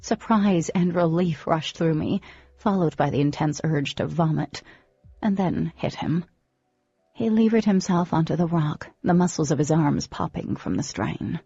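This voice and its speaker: Expressive husky-voiced woman narrator. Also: deep voice, unhurried, no echo, lo-fi sound. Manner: expressive, dramatic storytelling. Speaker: audiobook narrator. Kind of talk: first-person audiobook narration.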